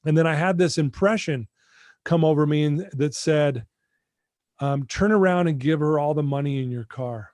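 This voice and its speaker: Over a video call, a middle-aged man who mentors people in addiction recovery speaks directly to a podcast host, telling his own recovery story with earnest feeling. His voice is a bit high and slightly mellow, paced moderately, and the studio-quality audio has no room sound.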